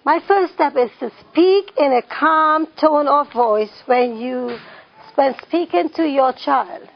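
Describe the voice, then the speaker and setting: This woman runs a parenting class, quizzing the room and repeating key phrases to stress them. Her voice is high and gravelly, she takes things slowly, and the audio's high end is cut off.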